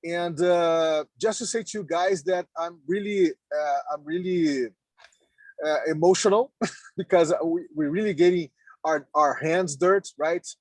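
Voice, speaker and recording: Guy calling in from the car, kinda high voice, stumbles and repeats words, laughs a lot, dry sound. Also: a little slow, darkish tone, no room sound. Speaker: meeting participant. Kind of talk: casual video call chat. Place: in a car on the road. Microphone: video call.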